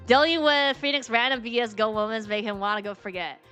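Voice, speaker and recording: A woman's voice: a little high, steady tone, brisk, bright, forceful tone, clear, resonant tone, faint music behind. A woman streaming a game, reading its dialogue aloud and chatting in a rambling, filler-heavy way, laughing often. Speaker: VTuber streamer.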